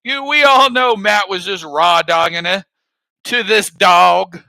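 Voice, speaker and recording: A man's voice: high voice, slow pace, gravelly, sharp tone, dry recording, low-quality recording. A man on a live stream chatting casually, rambling, swearing a lot and laughing often.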